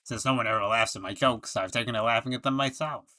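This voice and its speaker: A man's voice: medium pitch, fast, bright, forceful tone, pitched below the performer's own voice, lightly acted. A man voicing a sad clown in a game. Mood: self-pitying. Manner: self-pitying, laughs at own jokes. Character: washed-up sad male clown witness.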